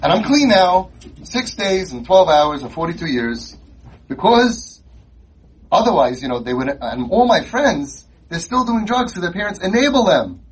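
A man putting on the voice of a sarcastic young man who brags about quitting drugs, in a mocking deadpan tone. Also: high voice, normal speed, husky, recorded from a distance, full character voice, rough recording. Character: sarcastic young man, former drug user, smug.

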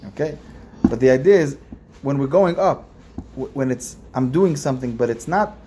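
A man's voice: mid-range voice, animated, normal speed, background noise. A man, a rabbi, giving an informal religious lesson in a conversational way, repeating phrases and asking his listeners questions. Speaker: rabbi teaching a class.

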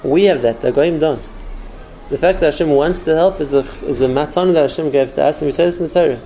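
A man's voice: fairly high pitch, quick pace, warm tone, faint music behind, rough recording. A man giving an earnest spoken Torah class, explaining step by step with numbered points. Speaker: Torah teacher.

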